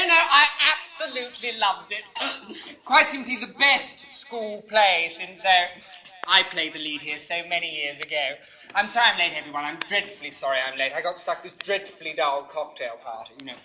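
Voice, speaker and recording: A man's voice: sits high, bright, forceful tone, rough recording. A man doing a pompous, gushing theatrical luvvie. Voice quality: plummy, theatrical, self-regarding. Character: pompous vain old-boy actor giving a school prize speech. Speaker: visiting old boy actor. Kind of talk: 1980s comedy sketch on record. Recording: vinyl record with light hiss.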